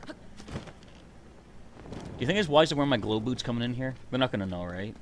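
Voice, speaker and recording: A man giving live gameplay commentary, excitable and chatty, reading out viewer comments. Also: mid-range voice, brisk, long pauses, slight background noise. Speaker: streamer playing a video game.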